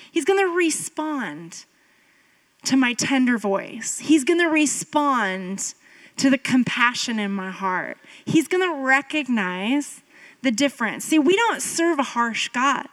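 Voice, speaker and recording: Slow-speaking, high-voiced woman pastor. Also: rough recording. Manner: animated storytelling, jumping up in pitch for emphasis; conversational, with filler "like" and asides. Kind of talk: sermon.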